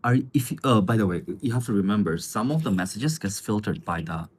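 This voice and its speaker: Low husky man chatting on a livestream. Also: a little fast. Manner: relaxed, rambling, chuckles often, many fillers. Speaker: livestream host. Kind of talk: casual live chat answering viewer comments.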